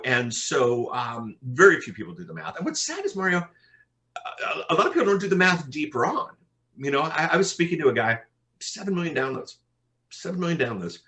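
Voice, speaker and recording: A man, a podcast consultant, telling animated anecdotes in an interview, often repeating his words as he goes. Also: medium pitch. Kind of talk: interview storytelling.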